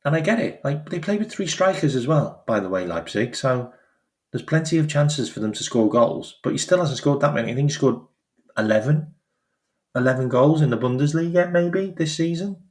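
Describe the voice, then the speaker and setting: A man's voice: on the high side, moderate pace. A man hosting his own channel, talking in a casual, emphatic way and repeating phrases for effect. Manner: animated, emphatic, repeats phrases, acts out quoted voices. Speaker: football channel host. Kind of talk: casual opinion commentary.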